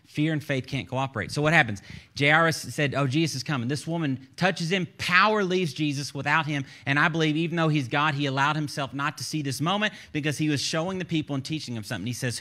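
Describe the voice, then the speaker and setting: Pastor preaching with animated storytelling. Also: male voice. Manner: rising to emphatic bursts, then dropping low and soft. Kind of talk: sermon.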